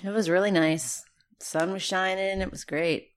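A woman's voice: lowish voice, steady tone, normal speed. A woman co-hosting a podcast, telling everyday stories in a giggly, casual way. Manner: giggly, storytelling. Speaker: podcast co-host. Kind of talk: casual chat.

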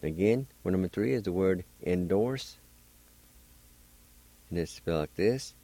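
Deep, slow-spoken male radio teacher. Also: expressive, dark tone, dry recording. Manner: spells words letter by letter and repeats each word slowly. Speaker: radio host teaching Cherokee words. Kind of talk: slow radio language lesson.

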